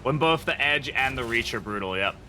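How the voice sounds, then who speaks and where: A man's voice: medium pitch, expressive, a little fast, over music. A man from the UK giving casual, chatty gameplay commentary while streaming, thinking aloud and chuckling often. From United Kingdom.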